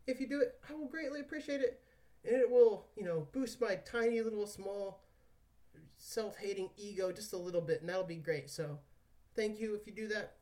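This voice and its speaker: A man's voice: sits high, a little mellow, distant mic. A man hosting a podcast, talking casually and joking around, swearing now and then. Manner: laid-back, jokey, swears casually. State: out of breath after squats. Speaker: podcast host.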